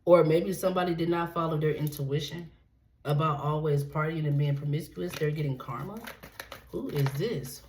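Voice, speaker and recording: A tarot reader with a low-pitched voice speaks at a normal speed, giving a blunt, profane reading and tacking "okay?" onto almost every point. The room is echoey, with steady background noise.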